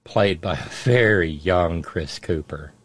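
Low, slow, and husky, this middle-aged man's voice carries his radio show. He rambles through a family story in a digressive, casual monologue.

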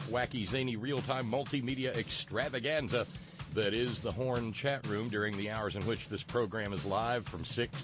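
A West Virginia man with a Southern US accent and a medium-pitched voice hosts a radio talk show. His delivery is folksy and rambling, full of fillers and restarts.

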